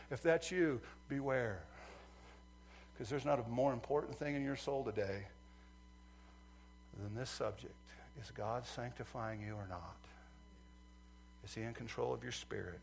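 A male preacher delivering a sermon, swinging from loud fervent outbursts to quiet earnest asides. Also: medium pitch, unhurried, creaky, long pauses.

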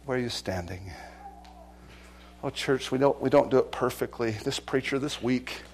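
A middle-aged male pastor preaching a sermon, swinging from loud exhortation to hushed, earnest appeals. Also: medium pitch, moderate pace.

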